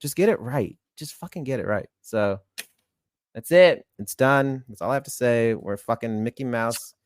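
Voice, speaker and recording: A man's voice: mid-range voice, moderate pace, no room sound, clean studio sound. A man co-hosting a podcast, ranting in an exasperated, profane rush about a bad call. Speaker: podcast co-host. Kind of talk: heated ranting podcast talk.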